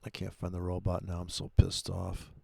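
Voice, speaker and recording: Gravelly, foul-mouthed ranting man. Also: completely flat delivery, normal speed, warm tone, dry recording. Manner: foul-mouthed, sarcastic, exasperated; voice jumps far higher when he gets worked up. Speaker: forex trader testing trading robots. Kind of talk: profane ranting commentary over chart playback.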